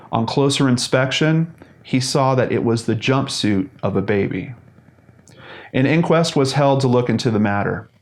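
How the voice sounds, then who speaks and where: Brief: man, forties, channel host, measured earnest true-crime narration, mid-pitched voice.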